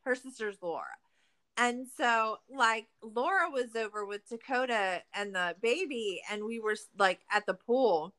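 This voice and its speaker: A young woman co-hosts a podcast in an easygoing chat, laughing often while swearing and launching into sarcastic rants. Her voice is a little high and fairly bright, and she speaks unhurriedly.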